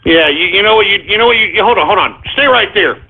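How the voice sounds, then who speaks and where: A man hosting a shock-jock call-in radio show, talking in a loud, mocking, rambling way. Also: high-pitched, lively intonation, quick pace, slightly rough. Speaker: radio talk show host. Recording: lo-fi phone-like radio sound.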